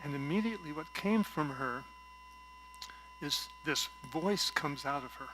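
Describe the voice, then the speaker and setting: A man preaching a gentle, reflective sermon from a stage at a spiritual center, telling a story and often dropping to a soft voice. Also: a little high, lively intonation, unhurried, slight background noise, low-quality recording. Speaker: guest speaker at a spiritual center.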